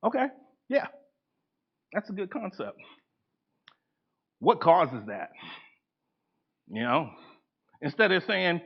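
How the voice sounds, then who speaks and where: A man presenting a live workshop to an audience in a conference room. He is animated, acts out the people he quotes, and laughs often. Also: on the high side, slow pace, creaky, long pauses, breathy edge. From United States. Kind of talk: live seminar lecture. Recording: dull lo-fi event recording.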